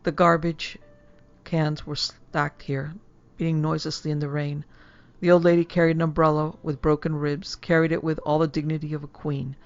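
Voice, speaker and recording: Hushed gravelly woman narrating horror. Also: low-pitched, flat delivery, moderate pace, muffled recording, faint music behind. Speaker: narrator and producer.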